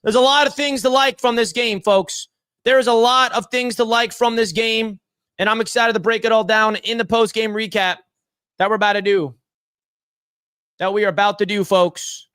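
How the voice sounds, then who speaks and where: A man hosting a live fan watch party, calling the plays and shouting with excitement over big moments. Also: high voice, moderate pace, smooth, no echo, studio quality. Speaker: fan channel host. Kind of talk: live play-by-play fan reaction.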